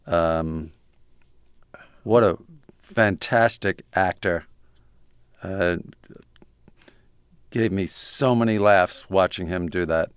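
Older man, interview guest, wry, halting, low voice, dry studio sound. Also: fairly bright tone, clear, resonant tone, no room sound. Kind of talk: anecdotal interview talk.

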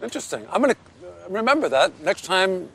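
A man playing an excitable, tactless middle-aged man in a TV comedy clip. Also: high-pitched, fairly quick, husky, voice pushed up, exaggerated voice. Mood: incredulous. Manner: incredulous, exclaiming.

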